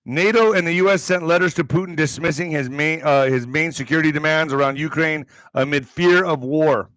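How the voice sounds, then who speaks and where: A man's voice: a little high, brisk, a bit bright, dry recording, low-quality recording. A man hosting an online commentary show, reading news items aloud and breaking off into profane, sarcastic asides. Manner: profane, sarcastic asides between read headlines.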